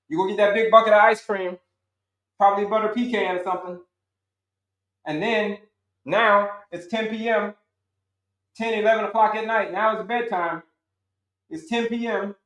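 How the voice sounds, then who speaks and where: Animated male health coach, echoey room. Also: high voice. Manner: animated, repetitive, addresses viewers as folks and y'all. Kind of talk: live-stream teaching talk. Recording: roomy echoey sound.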